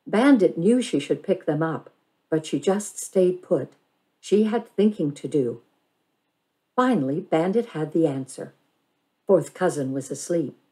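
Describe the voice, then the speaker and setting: A woman reading a children's novel aloud in a measured, expressive storytelling manner. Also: low voice, rough recording. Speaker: reader.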